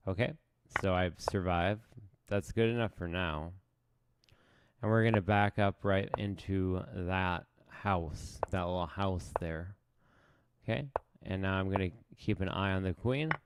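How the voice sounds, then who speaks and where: A man's voice: low-pitched, unhurried, noisy background. A man streaming chess live, thinking aloud as he plays in a casual, self-mocking way. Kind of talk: casual live game commentary.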